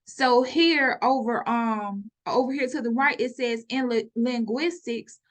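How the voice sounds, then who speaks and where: A woman teaching a scripture study over her screen, slowly reading out word definitions with many pauses and fillers, and growing insistent when she preaches. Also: on the high side. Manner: slow, reads definitions aloud, many fillers. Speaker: religious teacher.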